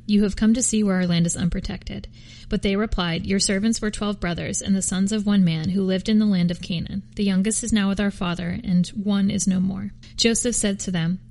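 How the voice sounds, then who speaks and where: A woman reading scripture aloud for a podcast, steady with occasional slips and restarts. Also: mid-range voice. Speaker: podcast reader.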